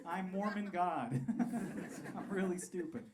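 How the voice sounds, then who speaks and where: A man in his thirties doing a crude, animated stand-up set on a comedy club stage, laughing through his punchlines. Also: sits high, takes it slowly. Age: 30s. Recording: live club recording, crowd and room noise.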